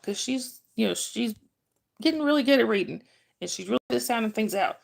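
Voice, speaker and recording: A woman's voice: a little high, expressive, a little fast, gravelly. A woman from North Georgia with a Southern accent, chatting on a casual livestream, greeting viewers by name and laughing often. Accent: Southern American. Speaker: livestream host. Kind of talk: casual live-chat stream.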